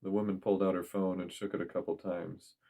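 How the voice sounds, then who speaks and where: A man with a deep, low voice narrates a story aloud. He reads at a steady, measured pace, as in a scripted storytelling piece. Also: gravelly.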